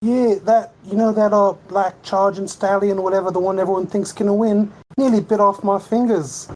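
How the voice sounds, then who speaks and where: A man voicing a jumpy, chatty young stable boy who talks quickly. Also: high-pitched, little pitch movement, darkish tone, pitched above the performer's own voice, lightly acted, poor audio. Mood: rattled.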